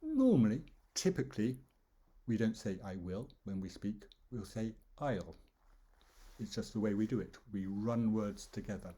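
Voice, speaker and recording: Mellow, husky male English teacher. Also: on the low side, moderate pace. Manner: relaxed explanatory, demonstrates stress and intonation. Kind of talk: lesson over slides.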